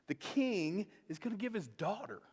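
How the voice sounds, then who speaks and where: A man voicing soldiers who excitedly pass along rumors. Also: sits high, moderate pace, breathy edge, big-room sound, heavily acted. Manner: excited, gossipy. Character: gossiping soldiers.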